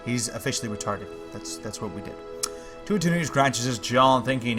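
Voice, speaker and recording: A man livestreaming a fantasy game, reading the game's text aloud with slow, measured narration and breaking off into wry, joking asides. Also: mid-range voice, animated, a bit bright, faint music behind. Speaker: game streamer.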